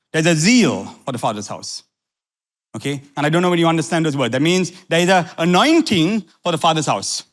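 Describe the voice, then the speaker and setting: A middle-aged man from Sri Lanka preaching a sermon as pastor, repeating phrases and swinging from low asides to fiery questions.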